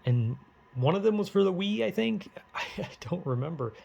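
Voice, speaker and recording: A man's voice: high voice, expressive, moderate pace, gravelly, darkish tone, dull audio. A man talking casually to camera as a video host, rambling and self-deprecating, with frequent swearing and restarts. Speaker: YouTuber. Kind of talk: casual opinion rant.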